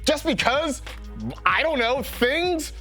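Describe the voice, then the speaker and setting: A man's voice: extremely high pitch, lively intonation, takes it slowly, pushed and bright, soft background music. A man co-hosting a fantasy football show in a playful, rambling way. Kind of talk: animated sports banter.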